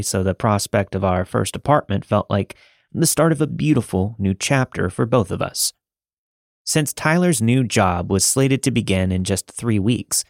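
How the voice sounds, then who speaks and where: Man narrating a scary story, low and dry. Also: no echo. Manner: steady, measured storytelling. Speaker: podcast host reading a listener story. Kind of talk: scripted first-person story narration.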